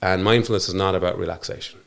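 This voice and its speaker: Deep gravelly Irish man, earnest. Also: steady tone, quick pace, a bit bright. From Ireland. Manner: earnest, restarts and trails off mid-thought. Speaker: podcast guest. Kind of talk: reflective conversational interview. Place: studio.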